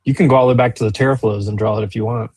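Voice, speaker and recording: A man's voice: medium pitch, fairly even intonation, racing, darkish tone, husky, no echo, low-quality recording. A man co-hosting a live trading stream in casual chat, who often halts and restarts mid-thought.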